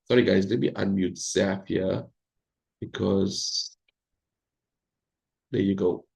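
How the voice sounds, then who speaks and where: A man hosting an online meeting, giving an animated, hyped presentation and talking straight to his audience over a video call. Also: fairly low pitch, vocal fry, reverberant. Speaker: host of an online crypto meeting.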